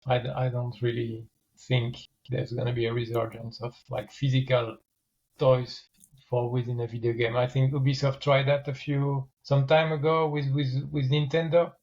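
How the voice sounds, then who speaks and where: A man's voice: medium pitch, flat delivery, darkish tone. Hesitant man, slightly dull recording. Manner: hesitant, repeats words, measured. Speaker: co-host. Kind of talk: casual podcast chat.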